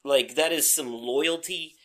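A young man co-hosts a casual chat show. His voice is bright and sits a little high, and he tells stories with energy, acting out the quotes and swearing freely. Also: unhurried. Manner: animated storyteller, acts out quotes, swears freely. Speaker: podcast co-host.

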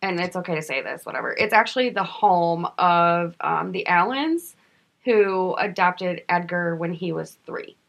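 Woman podcast co-host, bright voice, sarcastic, joking, casual chat. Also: on the low side, animated, a little slow, vocal fry.

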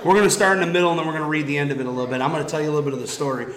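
Lively man leading a Bible study. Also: a little high, rapid-fire. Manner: lively storytelling, retells scripture casually. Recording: echoey room.

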